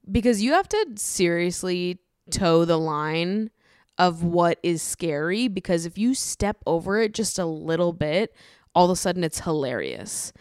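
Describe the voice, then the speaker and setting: A woman with a fairly low, smooth and clear voice rambles through a casual solo podcast. She talks loosely and chattily, drops swear words freely and breaks into laughter often. The sound is dry and close, with no room around it. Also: no echo. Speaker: podcast host.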